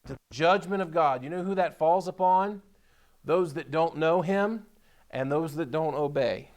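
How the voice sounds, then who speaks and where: A man with a slightly raised pitch preaching from the pulpit of a church. He leans hard on repeated phrases and reads scripture aloud between his own comments. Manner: preaching with emphatic repetition, reading scripture aloud. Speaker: pastor. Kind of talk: sermon. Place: church sanctuary.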